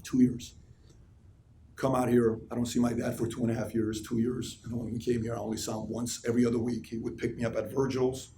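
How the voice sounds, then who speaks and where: A man's voice: mid-range voice, fairly quick, slight background noise. A man giving a live motivational talk to an office crowd, telling stories with emphasis and questioning the room. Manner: animated storyteller, emphatic, asks the room questions. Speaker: motivational speaker addressing a team. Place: office meeting space. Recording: echoey room, recorded from far off.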